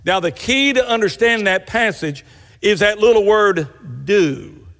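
High-voiced preacher in an echoing hall. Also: male voice, normal speed, fairly bright tone. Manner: folksy storytelling with rising emphatic bursts. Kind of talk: sermon.

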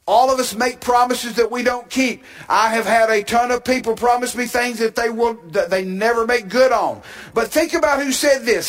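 A man preaching a sermon, with an emphatic delivery that builds to shouted climaxes and drawn-out phrases. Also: extremely high pitch, animated.

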